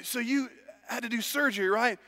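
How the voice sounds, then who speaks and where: A man's voice: extremely high pitch, big-room sound, pitched above the performer's own voice. A man voicing an eager young boy who fires questions at his father. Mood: excited. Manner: excited, rapid-fire questions. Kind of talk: sermon anecdote.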